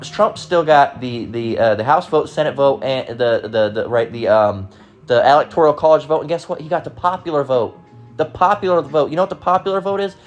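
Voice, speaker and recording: Blunt, rambling male commentator over faint music. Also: mid-range voice. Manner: blunt, profane, rambling with restarts. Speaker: online commentator. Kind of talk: casual commentary reading online comments.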